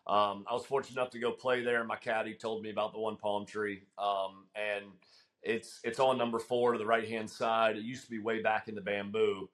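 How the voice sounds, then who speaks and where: A middle-aged man appearing as a guest caddie tells a long story in casual conversation, animated and laughing, with frequent ums. His voice is lowish and his pace brisk.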